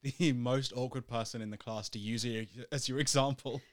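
A man's voice: medium pitch, steady tone, moderate pace, dry recording, clean studio sound. A young man co-hosting a casual chat podcast, telling stories and laughing often. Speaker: podcast co-host.

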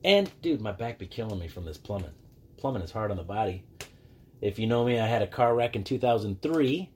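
Animated man in his forties, podcasting. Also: fairly quick, slightly rough. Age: 40s. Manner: animated, acts out quoted greetings in a higher voice; rambling with many restarts and fillers. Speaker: podcast host. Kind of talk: casual solo podcast monologue.

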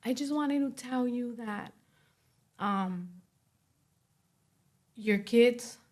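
A young woman speaking as an interview guest, giving a personal testimony in a soft voice full of "you know" and "like". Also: on the high side, very slow. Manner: soft-spoken, many fillers like "you know" and "like".

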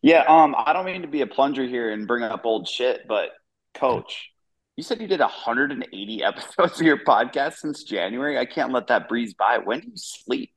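A man's voice: mid-range voice, expressive, moderate pace. A man co-hosting a podcast, joking and egging the others on. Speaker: podcast co-host. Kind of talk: casual chat.

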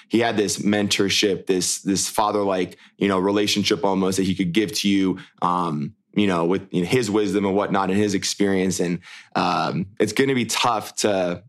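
A young man co-hosting a casual chat, rambling with many restarts and fillers. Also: low voice. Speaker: podcast co-host, former show lead.

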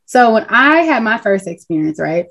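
A woman hosting a casual podcast chat, telling stories in an animated way and laughing often. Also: mid-range voice, normal speed, vocal fry. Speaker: podcast host.

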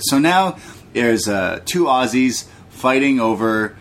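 A man's voice: mid-range voice, lively intonation, slow pace, a bit bright. A young man co-hosting a podcast, casually recapping wrestling in a laid-back, jokey way with plenty of swearing. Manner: laid-back, profane, jokey, mimics people. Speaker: podcast co-host.

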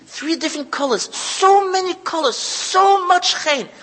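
A man's voice: extremely high pitch, animated, unhurried, fairly bright tone. A man giving an emotional Torah talk, repeating phrases and sounding close to tears. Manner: heartfelt, repetitive, moved close to tears. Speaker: lecturer running a kollel. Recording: long hall reverb.

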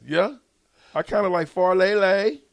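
A man's voice: high-pitched, slow pace, vocal fry, dry recording. A man hosting a radio show in casual banter, reading listener texts aloud with a playful, teasing manner. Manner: playful, teasing, laughs often, animated. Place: radio studio.

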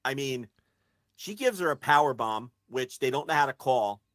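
A man's voice: medium pitch, expressive, normal speed, fairly bright tone, no room sound. A man hosting a casual podcast, wry and profane, steering the conversation. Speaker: podcast host.

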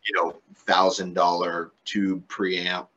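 A man's voice: deep voice, flat delivery, slow, bright, forceful tone, muffled recording. A man, a metal band's vocalist, chatting casually on a podcast, laid-back and freely swearing. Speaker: band vocalist, podcast guest.

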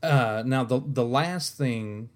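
A man's voice: mid-range voice, slow pace. Exasperated, profane podcast ranter, man. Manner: exasperated, profane, rambling with many restarts. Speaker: podcast host. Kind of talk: comedic rant.

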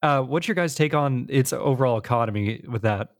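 A man hosting a podcast in casual gaming chat, relaxed and laughing while he tells stories. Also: medium pitch, a little fast. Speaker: podcast host.

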